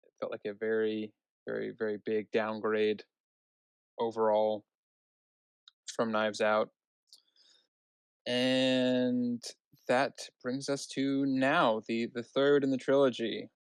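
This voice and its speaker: Smooth, flat-voiced man rambling. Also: medium pitch, takes it slowly, pauses often, no room sound, low-quality recording. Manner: rambling, filler-heavy, lots of "like". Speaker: podcast co-host. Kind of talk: casual chat.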